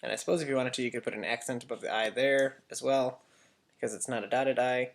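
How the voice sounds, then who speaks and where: A man's voice: mid-range voice, fairly even intonation, fast. A man teaching a casual lesson for children, chatty and correcting himself as he goes. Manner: chatty, self-correcting, asks kids to repeat.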